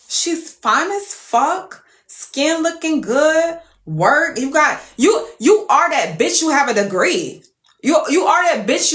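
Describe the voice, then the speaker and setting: A young woman with a high-pitched voice, recorded in an echoey room, tells her followers a storytime rant as a TikTok creator. She's profane, animated, and exasperated, laughing as she goes.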